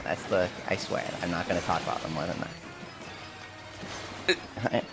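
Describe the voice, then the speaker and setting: Over background music, a man with a low-pitched voice speaks at a measured pace while streaming a game live. He has the hiccups but keeps chatting casually with viewers, answering their questions in a self-deprecating way.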